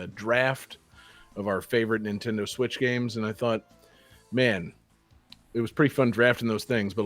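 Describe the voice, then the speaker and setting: A man's voice: on the low side, no room sound. A young man hosting a casual gaming podcast, upbeat and rambling with lots of fillers, on a studio mic. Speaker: podcast host. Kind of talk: casual chat.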